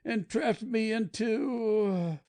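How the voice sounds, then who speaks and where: A woman's voice: a little high, extremely slow, warm tone. A woman reading an audiobook, voicing a passionate, desperate young male anarchist who pleads with his comrades. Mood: bitter. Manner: impassioned, pleading.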